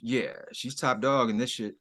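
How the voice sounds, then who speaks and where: A man's voice: medium pitch, steady tone, normal speed, a bit bright. Wry man trading crude quips. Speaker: podcast co-host. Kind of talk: casual recap chat.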